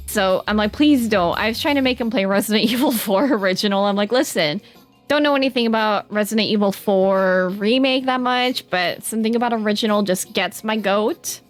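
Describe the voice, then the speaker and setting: A woman's voice: mid-range voice, brisk, faint music behind. A young woman with a Southern American accent, chatting casually with her live-stream chat in a bubbly, dramatic way. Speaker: VTuber streamer reading chat.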